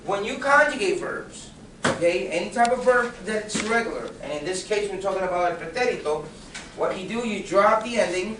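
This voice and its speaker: Patient male teacher, high-pitched, lecturing in a class, heard from across a reverberant room. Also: lively intonation, normal speed, background noise. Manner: patient, checks for understanding with "okay?" and questions. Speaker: Spanish teacher. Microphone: recorded from across the room. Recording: echoey classroom from a distance.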